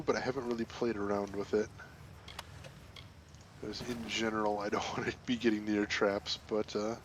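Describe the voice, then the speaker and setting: A man's voice: on the low side, a little hiss or hum. A man giving casual let's play commentary, chatty and jokey, laughing often and playfully pedantic. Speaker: gaming channel host.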